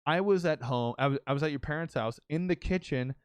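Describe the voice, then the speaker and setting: Excitable young man telling a story, dry sound. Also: on the high side, a little fast, clean tone, dry recording. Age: young adult. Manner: excitable storytelling, swears often, many restarts. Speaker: podcast host and streamer. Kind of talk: casual chat.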